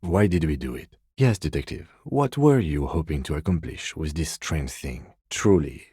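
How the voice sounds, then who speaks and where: An actor playing a reserved, precise middle-aged police lieutenant in a video game, speaking in a measured, formal, dry way. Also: male voice, rumbling low, animated, dark tone, breathy edge, dry recording, exaggerated voice. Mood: calm, formal. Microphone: close studio mic.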